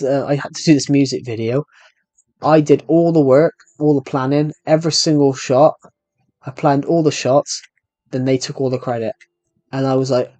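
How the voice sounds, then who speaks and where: A man's voice: mid-range voice, a little mellow, dry recording. A young man live streaming a game, telling a rambling, aggrieved story that keeps repeating and restarting phrases. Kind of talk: casual live stream chat while gaming.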